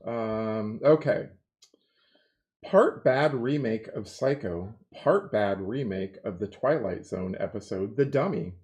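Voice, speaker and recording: An American co-host reading a harsh film review on a relaxed live stream. The delivery is slow and deliberate, dry and wry, with the odd curse thrown in. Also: medium pitch. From United States. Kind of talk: casual chat reading reviews.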